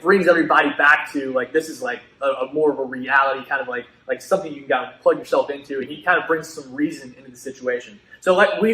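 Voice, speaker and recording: A man's voice: a little high, fairly bright tone. Hesitant, casual young man in an echoey room. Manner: hesitant, many fillers and restarts, casual. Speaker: co-presenter in student ministry. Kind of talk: Bible lesson discussion.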